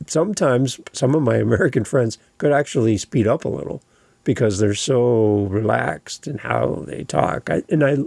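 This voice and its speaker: A Canadian man hosts a podcast in a relaxed, opinionated chat. His voice is gravelly and husky, with a dark, mellow tone. The recording is dry and close. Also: medium pitch, dry recording. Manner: conversational, opinionated. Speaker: podcast host. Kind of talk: casual podcast talk.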